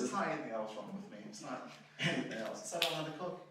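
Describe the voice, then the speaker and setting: A young man performs a stand-up comedy set at a live venue with an audience, speaking rapid-fire in a medium-pitched voice. He's rambling and self-deprecating, saying "you know" a lot. The recording is very echoey, distant, and noisy.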